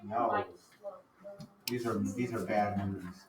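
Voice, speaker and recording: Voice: sits low, sing-song, a little slow. A student answering the teacher with casual, joking replies. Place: classroom. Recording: distant, roomy, noisy classroom capture.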